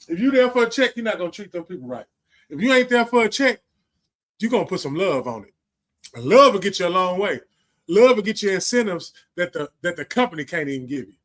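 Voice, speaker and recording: A man's voice: high voice, very animated, quick pace, a bit bright. A man, hosting a livestream and giving a casual, preachy monologue full of slang, profanity and repetition. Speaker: livestream host.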